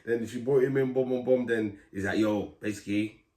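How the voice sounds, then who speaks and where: A man telling a lively story in casual street slang, acting out the voices of people in it. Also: medium pitch, brisk. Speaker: guest, grime MC. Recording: roomy echo.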